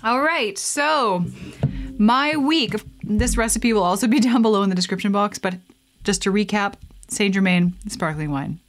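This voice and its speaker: A chatty young woman talks casually to the camera as she mixes a drink. She is playful, laughs often and drifts into offhand asides. Her pitch sits in the middle range for a woman. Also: fairly bright tone. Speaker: vlogger. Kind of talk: casual chat while mixing a drink.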